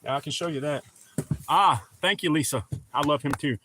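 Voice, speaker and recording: A middle-aged man hosting a laid-back livestream and chatting to his viewers. His voice sits a little high and sounds bright and forceful. He keeps greeting people by name as he talks. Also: normal speed, a little hiss or hum. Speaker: livestream host. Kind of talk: casual livestream chat.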